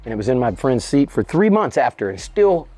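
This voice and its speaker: A middle-aged man tells a story in loose, profane interview chat. His voice leaps up high and lively whenever he acts out a scene. Faint music plays underneath. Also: brisk, no room sound. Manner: animated, profane, voice jumps high when reenacting. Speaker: interview guest. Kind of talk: casual storytelling.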